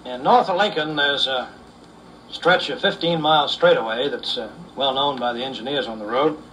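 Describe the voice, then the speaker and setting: A man telling folksy humorous stories in an unhurried way, with frequent "uh"s. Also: mid-range voice, bright, forceful tone, far from the mic, a little hiss or hum, low-quality recording. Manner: unhurried, with fillers. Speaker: storyteller.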